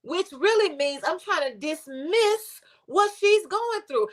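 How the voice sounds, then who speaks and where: A woman's voice: extremely high pitch, expressive, measured pace, few pauses. A woman pastor, preaching conversationally and telling a story with rising fervor.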